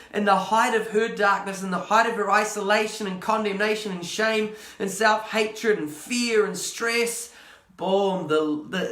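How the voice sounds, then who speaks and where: A man's voice: high-pitched, a bit bright, echoey room. A man preaching a sermon, impassioned and repetitive, building in intensity as he speaks.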